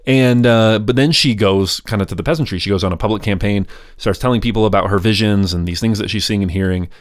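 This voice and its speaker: A man's voice: fairly low pitch, no echo, studio quality. A man hosting a history podcast, telling the story casually with jokey asides and restarts. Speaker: podcast host.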